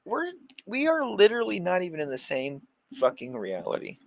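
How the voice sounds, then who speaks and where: Very animated, mocking, profane man. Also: sits high, normal speed, creaky. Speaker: commentator reacting to a stream. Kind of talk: casual reaction commentary.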